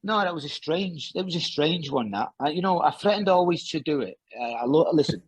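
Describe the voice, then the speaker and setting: A former footballer tells long, wandering stories, doubling back with fillers and restarts. His voice is husky with a slightly breathy edge. The sound is dry and close. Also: on the high side, expressive, brisk, no echo. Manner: rambling anecdotes with many restarts and fillers. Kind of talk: casual storytelling interview.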